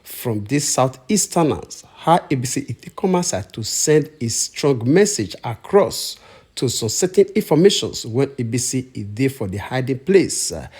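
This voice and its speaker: A man's voice: mid-range voice, a little mellow, husky. A man with a Nigerian Pidgin accent hosting a casual commentary channel, chatting directly to his viewers. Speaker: YouTube commentary host.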